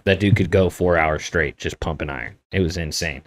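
Deep-voiced man telling profane stories. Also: fairly quick, a little hiss or hum. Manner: profane, laid-back anecdote telling. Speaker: podcast host. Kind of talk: casual storytelling.

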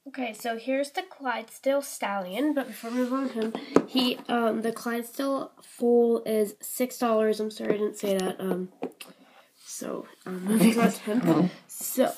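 In this toy-collection vlog, a Canadian teen girl rambles through her new toys with plenty of ums, likes and little apologies. She speaks at a moderate pace in a steady, higher-pitched voice, with background noise audible.

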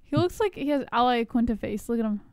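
A woman's voice: a little high, lively intonation, quick pace, no echo. A woman co-hosting a live stream, reading chat messages aloud with a wry, teasing manner. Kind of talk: casual live reaction chat.

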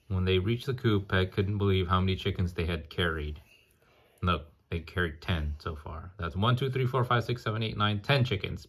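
A man with a very deep voice reads a picture book aloud to a child. He sings the rhymes playfully and breaks off now and then to chat and ask questions. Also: moderate pace, a bit bright, breathy edge. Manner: playful, sings the rhymes, chats and asks questions between pages.

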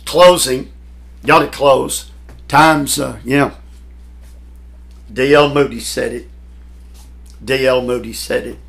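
Slow, gravelly male preacher. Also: mid-range voice, steady tone, fairly bright tone. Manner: emphatic, dramatic pauses and swells in volume. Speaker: pastor teaching a Bible class. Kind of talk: sermon.

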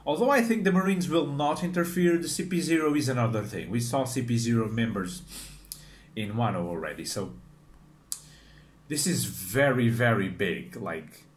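A man hosting a casual reaction video, talking in a chatty, animated way and often restarting his sentences. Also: mid-range voice, normal speed. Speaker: manga reaction video host. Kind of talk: casual commentary.

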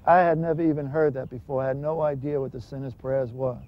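A man's voice: mid-range voice, steady tone, fast talker. A man giving an earnest, emphatic personal testimony. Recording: dull lo-fi recording with faint hiss.

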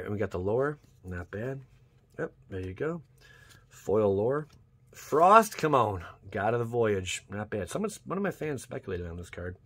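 A husky-voiced young man talks casually through opening booster packs. His pitch swings widely as he reacts, and he breaks into excited shouts and cheers over big pulls. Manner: excitable, bursts into loud yelps and cheers over good pulls. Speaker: YouTube channel host. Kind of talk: casual card-pack opening commentary.

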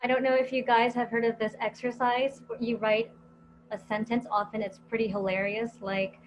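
A woman's voice: on the high side, flat delivery, normal speed. Woman teacher explaining over background noise. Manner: explanatory, step-by-step with frequent fillers. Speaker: ESL teacher. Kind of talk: panel discussion.

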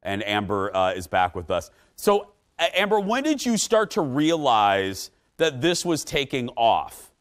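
A man hosting a TV talk show, lively and quick with asides, laughing often. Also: mid-range voice.

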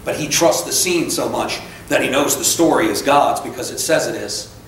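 This sermon comes from a man speaking at a normal speed with a medium-pitched voice, recorded from a distance in an echoey sanctuary with slight background noise. As pastor, he preaches emphatically and repetitively, adding casual asides and self-referential stories.

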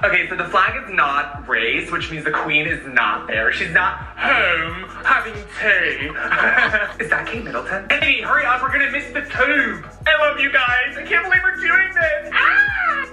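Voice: medium pitch, very animated, a little slow, bright, forceful tone, full character voice. Someone playing a giddy gushing tourist. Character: gushing American tourist visiting London. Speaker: comedy sketch performer. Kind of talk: comedic sketch. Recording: roomy clip with music under it.

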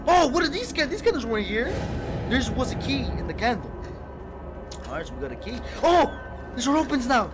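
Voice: sits high, big pitch swings, brisk. Jumpy swearing horror game streamer. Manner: jumpy, swearing, shouting in fright. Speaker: gaming streamer. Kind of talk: horror gameplay commentary. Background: game music.

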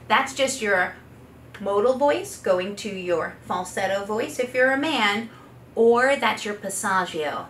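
A woman who is a speech pathologist and singer leads a guided vocal exercise lesson, giving patient step-by-step instructions and singing demonstration notes. Her voice sits on the high side with a fairly bright tone. The room is echoey, she's a bit far from the mic, and there's slight background noise.

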